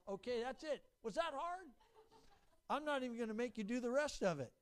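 An older man preaching a sermon as pastor, folksy and animated, acting out quotes and stories. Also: fairly quick. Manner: folksy, animated, acts out quotes in high voices.

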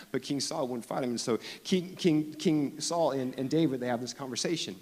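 A man's voice: mid-range voice, fairly quick, few pauses, a little mellow. A man pastor preaching a sermon in a casual, storytelling way with many restarts. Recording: long echo of a church hall.

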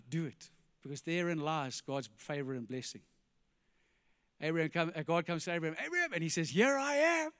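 A pastor preaching an animated sermon, firing rhetorical questions and dropping to quiet emphasis, in a church. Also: male voice, fairly high pitch, long reverb tail.

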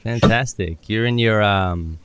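A man's voice: lowish voice, unhurried, fairly bright tone, a little hiss or hum. A man with an Australian accent hosting a podcast, chatting casually and upbeat, often joking at his own expense. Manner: upbeat, chatty, self-deprecating. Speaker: podcast host. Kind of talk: casual interview chat.

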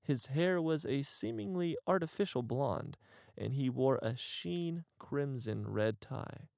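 A man's voice: medium pitch, animated, slow pace, vocal fry, darkish tone, no echo. Man narrating an absurd tale, dry sound. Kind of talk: comic storytelling narration.

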